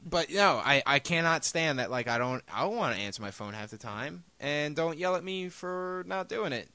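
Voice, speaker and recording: A man's voice: on the high side, expressive, normal speed, pushed and bright, no room sound. A young man co-hosting a casual chat show, telling rambling joking stories. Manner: rambling, jokey storyteller. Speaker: podcast co-host. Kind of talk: casual banter.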